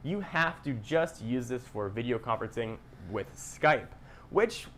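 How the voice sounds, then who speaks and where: A man gives a measured, scripted tech review. His delivery is plain and explanatory. There is faint hiss from an older archived recording. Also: medium pitch, animated, fairly bright tone.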